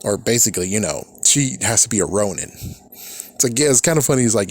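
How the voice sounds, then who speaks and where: A man's voice: lowish voice, lively intonation, fast talker, slightly rough. A young adult man giving casual reaction commentary, rambling and swearing freely with frequent laughs. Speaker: reaction video host.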